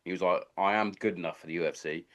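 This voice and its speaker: A man with a fairly low voice hosts a podcast in relaxed, casual chat. He tells long rambling stories and swears freely as he talks. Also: quick pace, lo-fi sound. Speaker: podcast host.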